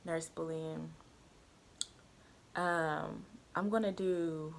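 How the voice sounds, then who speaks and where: There's a little hiss or hum under this young woman's medium-pitched voice at normal speed. A nursing student, she tells her story in a candid, animated, very profane casual chat.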